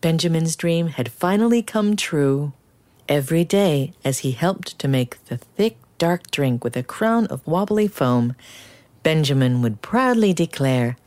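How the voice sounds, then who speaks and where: A woman reading a children's picture book aloud in an expressive, animated storytelling style. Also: deep voice, measured pace.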